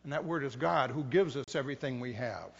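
A man's voice: mid-range voice, fairly quick, vocal fry, husky. A middle-aged man preaching as a pastor, conversational and self-mocking, acting out the inner voices of his listeners. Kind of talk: sermon. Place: church sanctuary. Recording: dull sound, long reverb in a church.

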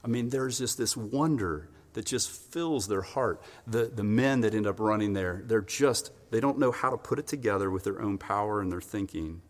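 A man preaching a sermon in an animated storytelling way, acting out the voices of the people in his stories. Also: on the low side, normal speed, hardly any pauses, big-room sound.

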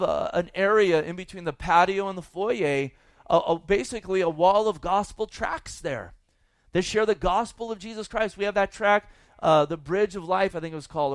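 A man's voice: high voice, no echo. A man preaching a sermon as pastor, folksy and emphatic, with asides to the congregation.

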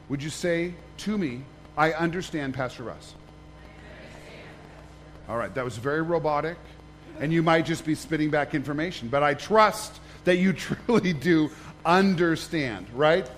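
A pastor with a high voice for a man preaches an easygoing sermon. He jokes and keeps checking in with the congregation as he goes. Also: a little hiss or hum. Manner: conversational, joking, questions the congregation.

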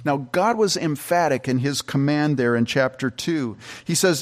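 A man's voice: fairly high pitch, moderate pace, few pauses. Earnest man teaching a Bible passage. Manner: earnest, conversational, with many restarts and fillers. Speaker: pastor.

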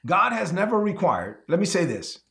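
A man delivers a sermon in a high, gravelly voice. He leans on key phrases, repeats them slowly, and slips into quick acted exchanges to make his point. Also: sing-song, sharp tone. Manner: emphatic, repeats key lines slowly for effect; acts out quick back-and-forth dialogues. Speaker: preacher.

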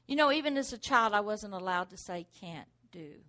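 A woman's voice: medium pitch, expressive, moderate pace, hardly any pauses, fairly bright tone. A middle-aged woman preaching a sermon, driving points home with rhetorical questions and repeated exhortations.

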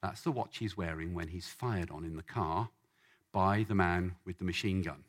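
A man preaching a sermon as a lively story, acting out the voices of the people in it. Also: low voice, normal speed. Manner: animated, acts out voices in the story.

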